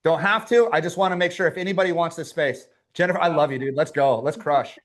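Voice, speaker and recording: A man's voice: fairly high pitch, quick pace. A man coaching a live online workshop, fired-up and pushy, who swears casually as he urges people on. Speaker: business coach running a workshop.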